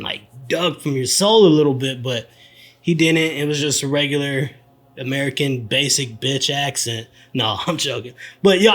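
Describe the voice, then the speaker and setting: A man's voice: fairly high pitch, fairly bright tone. A young man hosting a podcast, giving casual, slangy, candid horror movie reviews. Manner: laid-back, slangy, candid.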